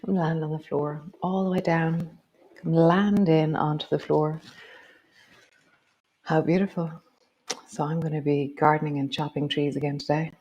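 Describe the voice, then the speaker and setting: A woman with a notably low voice leads a yoga practice. She talks through each movement in slow, gentle cues, then chats easily to her class. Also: steady tone, dull audio. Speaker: yoga teacher.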